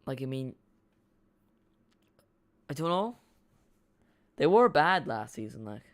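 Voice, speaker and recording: A man's voice: mid-range voice, big pitch swings, slow pace. A man streaming a live watch-along, chatting casually in a rambling way, repeating himself and reacting to the play.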